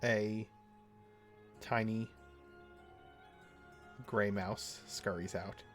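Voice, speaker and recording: A man running a tabletop game as dungeon master, describing scenes casually and halting on lots of fillers. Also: fairly low pitch, steady tone, soft background music.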